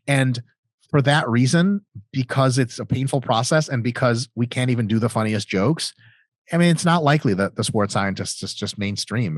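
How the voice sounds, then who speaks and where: A man's voice: medium pitch, no echo. A man in his thirties co-hosting a casual question-and-answer chat, joking and swearing freely. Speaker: co-host answering viewer questions.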